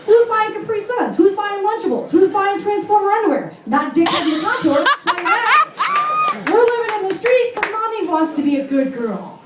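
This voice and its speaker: A woman's voice: extremely high pitch, sing-song, normal speed, few pauses, roomy sound, far from the mic, background noise. A woman from Vermont in her thirties doing a brash, self-mocking stand-up set in a comedy club. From Vermont, USA.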